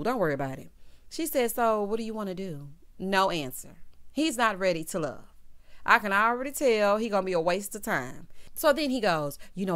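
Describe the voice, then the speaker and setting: A woman hosting a reality show recap, talking in a sassy, animated way with lots of asides to her viewers. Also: medium pitch. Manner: sassy, animated, quotes cast members in voices. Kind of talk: casual recap commentary.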